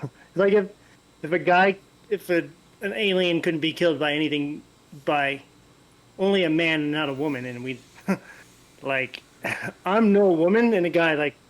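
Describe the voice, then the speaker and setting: A man's voice: fairly high pitch, moderate pace, a bit bright, rough recording. A man co-hosting a podcast, chiming in with short agreements and loose rambling takes in a casual movie discussion.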